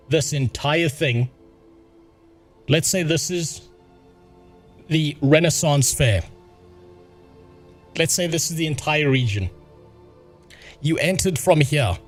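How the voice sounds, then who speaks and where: A man in his thirties with a South African accent, telling an exasperated, profane story to his stream chat. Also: mid-range voice. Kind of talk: casual ranting to stream chat.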